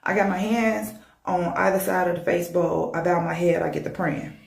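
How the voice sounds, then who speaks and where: A woman telling a personal ghost story in a casual, animated, emphatic way, often repeating words. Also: lowish voice, normal speed, gravelly, echoey room.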